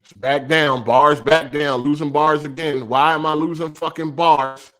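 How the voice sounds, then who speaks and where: Man, podcast host, fairly high voice, profane, irritated ranting, casual livestream talk. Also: steady tone, a little slow, pushed and bright. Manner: reads viewer super chats aloud. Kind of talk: livestreamed gaming podcast chat.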